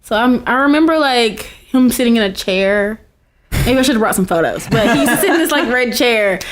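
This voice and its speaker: A woman's voice: on the high side, expressive, fairly quick. A woman in her twenties, a podcast guest in casual chat, giggly and full of likes. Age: 20s. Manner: giggly, uses many likes.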